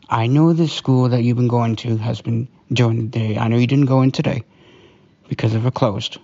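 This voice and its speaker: A man doing a comforting partner role-play, talking softly and slowly in a hushed, soothing way. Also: mid-range voice, dull audio. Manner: soft, hushed, soothing and slow. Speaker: storyteller.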